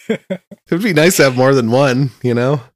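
A man's voice: medium pitch, expressive, slow pace, no echo, clean studio sound. A man co-hosting a casual book review chat, laid-back and agreeable, laughing often. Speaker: podcast co-host.

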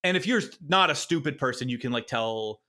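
Casting: man, 30s, bright voice, self-deprecating rambler in relaxed podcast chat. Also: medium pitch, a little fast. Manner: rambling, self-deprecating storyteller with frequent laughs. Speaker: podcast guest.

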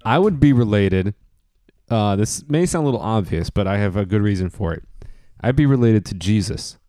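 A man's voice: fairly low pitch, animated, normal speed, mellow, no echo, clean studio sound. A man in a casual podcast chat, teasing his friends and laughing.

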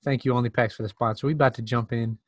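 A man's voice: medium pitch, fairly even intonation, rapid-fire, no echo, studio quality. A man co-hosting a podcast, laid-back and reading out a ranking list in casual chat. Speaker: podcast co-host.

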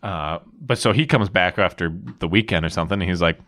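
Young man, low voice, lively swings in pitch, laughing storyteller, dry close sound. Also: quick pace, few pauses, no echo. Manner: animated storytelling with bursts of laughter. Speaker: podcast co-host. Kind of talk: casual chat.

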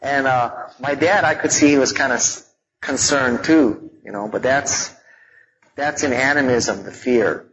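A man teaching a live audience in a relaxed, conversational way, mixing in stories from growing up and frequent fillers. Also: medium pitch, a little slow, dull audio, slight background noise. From Hawaii.

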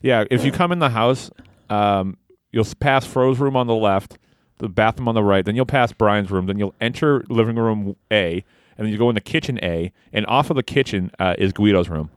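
A man hosting a podcast, reading a comic story in a deadpan, joking way and chatting with his co-hosts. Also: on the low side, normal speed, no echo.

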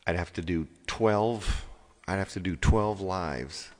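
A man's voice: low-pitched, takes it slowly. A man singer live-streaming to his viewers, chatting casually and rambling, often repeating his phrases. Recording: long hall reverb, faint music behind.

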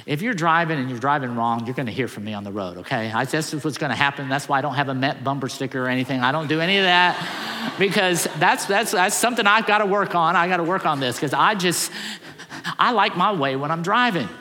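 A man's voice: fairly high pitch, brisk. Pastor guy preaching, tells funny stories, long church reverb. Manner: storytelling with lively acted quotes, self-deprecating humor. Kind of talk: sermon. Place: church sanctuary.

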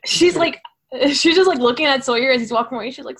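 Woman player at a tabletop game, giggly and animated, higher voice. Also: fast talker, husky. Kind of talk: casual tabletop game play.

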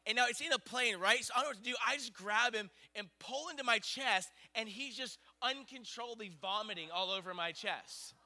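A man in his thirties telling a long personal story in a sermon, rambling and animated, full of fillers. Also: very high voice, fairly quick, few pauses.

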